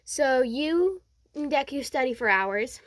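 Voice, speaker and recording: A woman's voice: high voice, lively intonation, slow, no echo, studio quality. A young woman casually narrating a second-person fan story, rambling with many fillers and restarts.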